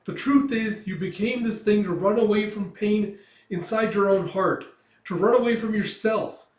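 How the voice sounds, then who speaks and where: Man putting on a tiny whiny elf, high shrill yell, stammering, echoey room, far from the mic. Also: normal speed, natural voice. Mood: indignant. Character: tiny excitable male elf, brash and whiny. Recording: roomy, distant mic.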